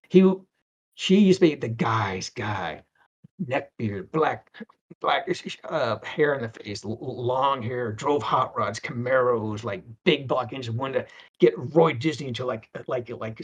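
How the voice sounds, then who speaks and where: A man's voice: mid-range voice, husky. A middle-aged man talking casually as an interview guest, rambling through anecdotes with stammers and acted-out quotes.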